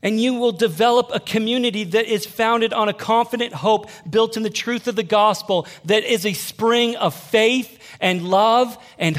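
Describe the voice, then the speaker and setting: A man in his thirties, a young adults pastor, preaching a sermon in an animated, conversational way, calling out for amens from the room. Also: sits high.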